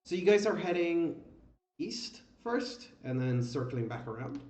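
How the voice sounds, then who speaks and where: Halting game master on an echoey call. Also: male voice, a little high, expressive, darkish tone, slight background noise. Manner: halting, full of fillers. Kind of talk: running a tabletop game. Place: online voice call.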